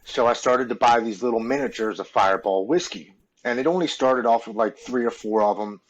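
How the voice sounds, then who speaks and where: A man's voice: mid-range voice, a little fast, lo-fi sound. Earnest man telling his story. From United States. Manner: earnest, open, repeats words when moved. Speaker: podcast guest. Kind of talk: confessional personal storytelling.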